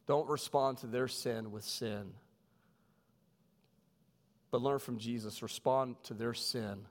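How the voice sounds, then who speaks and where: A man, a pastor, preaching a sermon with animated storytelling. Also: mid-range voice, slow, long pauses. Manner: animated storytelling, voices quoted people. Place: church sanctuary. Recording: long reverb of a church hall.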